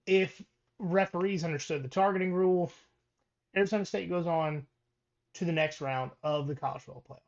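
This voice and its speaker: Reading sports records on a casual podcast, a male co-host fills the stats with ums and restarts. His pitch is fairly high, his pace moderate, and the highs are cut off.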